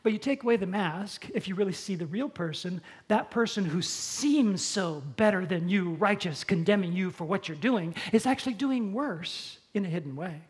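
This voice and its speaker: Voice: medium pitch, lively intonation, slightly rough. Conversational pastor preaching a sermon. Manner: conversational, uses props, slows down for emphasis.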